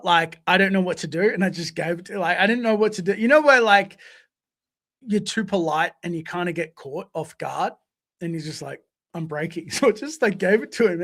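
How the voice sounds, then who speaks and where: A man co-hosting a podcast, telling stories casually in an animated way, swearing freely and acting out voices. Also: high voice, vocal fry. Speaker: podcast co-host. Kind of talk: casual storytelling.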